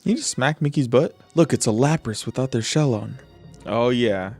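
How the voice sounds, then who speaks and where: A man's voice: medium pitch, moderate pace, soft background music. A man hosting a casual movie reaction, joking and laughing, recorded close to a studio mic. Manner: animated, joking, lots of laughs. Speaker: reaction video host.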